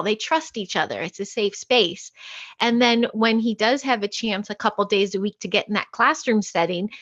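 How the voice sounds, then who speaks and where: A woman who is a guest on a podcast, chatting casually, laughing easily and turning lively when she quotes others. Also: medium pitch, highs cut off. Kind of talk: casual conversation.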